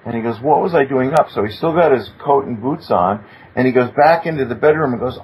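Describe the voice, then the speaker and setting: A man telling a story in casual talk, animated, breaking into high exclamations when he quotes someone. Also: fast, a little hiss or hum. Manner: animated, acts out quoted speech with sudden high-pitched exclamations. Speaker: guest, attorney. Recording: muffled lo-fi recording.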